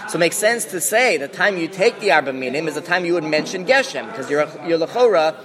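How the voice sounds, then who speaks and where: A man's voice: fairly high pitch, animated, fast talker, a crowd in the background. A man teaching a Talmud class, explaining as he goes with many restarts and Hebrew and Aramaic terms.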